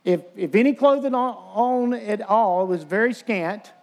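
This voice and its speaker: Earnest male preacher, higher voice, retells scripture and voices the mockers. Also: moderate pace, gravelly. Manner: earnest preaching, quoting scripture, acting out taunts. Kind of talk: sermon.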